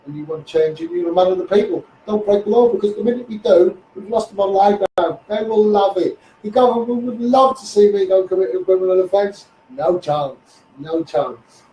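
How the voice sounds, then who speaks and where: A man's voice: high voice, moderate pace, few pauses, mellow. A man with a Liverpool accent ranting bluntly in a rambling live-stream monologue, calling his listeners "mate". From England. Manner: rambling, blunt, keeps saying "mate" and "you know what I mean". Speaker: livestreamer. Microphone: phone livestream. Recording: roomy, distant phone livestream with faint noise.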